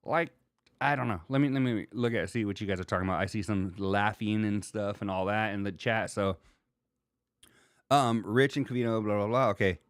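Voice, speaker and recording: A man's voice: fairly low pitch, moderate pace, dry recording, studio quality. A man hosting a solo livestream, chatting loosely and rambling as he reads viewer comments, swearing now and then. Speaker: livestream host.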